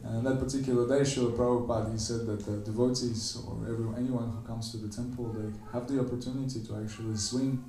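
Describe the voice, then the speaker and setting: A man giving a temple lecture, animatedly telling a story and acting out the characters' quoted lines in a higher voice. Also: little pitch movement, quick pace, hardly any pauses, mellow, slight background noise. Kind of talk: storytelling sermon. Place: temple hall. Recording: echoey room, voice from a distance.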